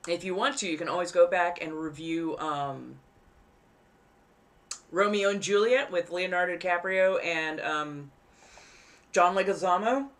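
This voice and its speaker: A woman's voice: on the low side, unhurried, pauses often. Chatty woman talking through fangs. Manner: chatty, rambling, careful enunciation; speaks with costume fangs in. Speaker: livestream host. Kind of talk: casual live-stream chat.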